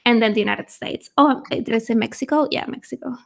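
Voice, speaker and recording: A young woman talks casually over a webcam mic, her voice sitting somewhat high with a lot of vocal fry. She speaks chattily, restarting her sentences and laughing easily. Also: quick pace. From Venezuela. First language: Spanish. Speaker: guest. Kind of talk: casual livestream chat.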